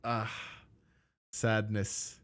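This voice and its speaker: Slow-talking young man on a live stream. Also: on the low side, completely flat delivery, a bit bright, clean tone. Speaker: co-host. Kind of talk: casual live-stream chat.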